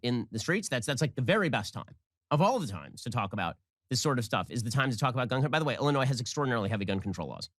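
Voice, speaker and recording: A man giving sarcastic political commentary in a rapid-fire delivery. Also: medium pitch, big pitch swings, a bit bright, no echo, clean studio sound.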